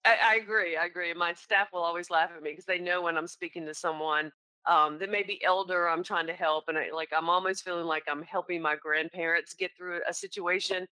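A woman's voice: on the low side, steady tone, brisk, pushed and bright, clear, resonant tone, no room sound, rough recording. A woman in her forties from North Carolina with a Southern accent, telling stories in casual conversation about her work in claims. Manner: chatty, storytelling, laughs often. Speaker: insurance claims professional.

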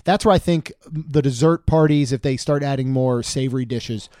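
A man's voice: mid-range voice, moderate pace, dry recording. Wry man co-hosting, dry close sound. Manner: relaxed, wry and joking. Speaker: podcast co-host. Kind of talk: casual chat.

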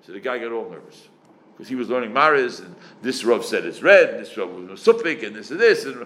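An older man, a rabbi, answering questions on Jewish law in an emphatic, animated way, dropping Yiddish and Hebrew words. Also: mid-range voice, fast, echoey room, rough recording. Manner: animated, emphatic, swings his voice up sharply for stress.

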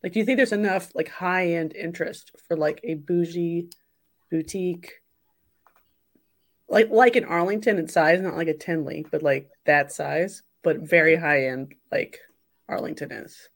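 A woman's voice: on the low side, a little slow. A woman co-hosting a casual chat, teasing and giggling as she talks.

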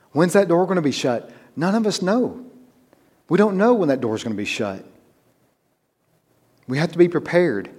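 A man's voice: mid-range voice, a little mellow. A man preaching a sermon, telling a personal story in a conversational way that builds to emphatic urgency.

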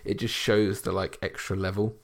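A man co-hosting a podcast, chatting in a relaxed, appreciative way about a sitcom. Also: lowish voice, moderate pace, vocal fry. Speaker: podcast co-host reviewing a sitcom. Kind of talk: casual chat.

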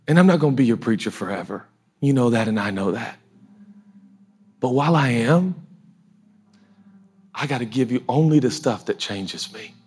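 A man's voice: medium pitch, breathy edge. A man preaching a sermon in an emotional, conversational way, often laughing as he talks.

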